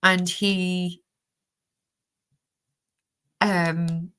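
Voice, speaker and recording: Speaking very slowly in a lowish, level voice that sounds pushed and bright yet clean, this Cork-accented woman from Ireland reads tarot on a livestream. She's middle-aged and chats casually, her stories peppered with fillers and restarts.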